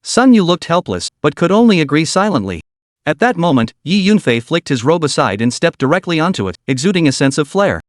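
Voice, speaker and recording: A man's voice: a little high, very animated, brisk, dry recording, clean studio sound. A man narrating a comic story recap in a scripted storytelling style, voicing every character himself.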